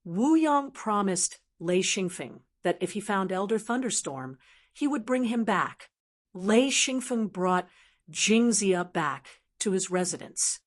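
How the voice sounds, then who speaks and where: Lady reading an audiobook, steady plain voice, mid pitch. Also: slow. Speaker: audiobook narrator. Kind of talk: audiobook narration.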